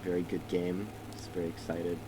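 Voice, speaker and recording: This let's play streamer has a deep voice and a completely flat delivery at a moderate pace, with background noise behind him. He's a young man casually narrating a game he is starting, rambling, swearing and laughing often.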